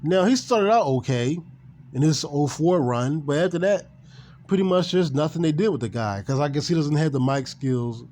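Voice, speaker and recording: A man with a slightly high, animated voice and a dark tone speaks at a moderate pace. A gaming and wrestling commentator, he delivers a casual, lively opinion rant about wrestling, swearing and repeating himself.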